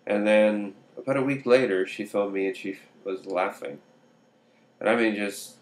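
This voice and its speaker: A man's voice: lowish voice, a little slow. A man telling a true story aloud, acting out dialogue with chuckling asides.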